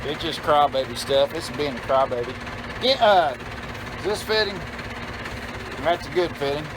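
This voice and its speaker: A middle-aged man with a drawl holds forth outdoors in a folksy, cussing rant on a farm vlog. His voice sits fairly high, and the outdoor recording carries steady background noise. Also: normal speed. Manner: folksy, cussing, fired-up ranting. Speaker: farm vlogger.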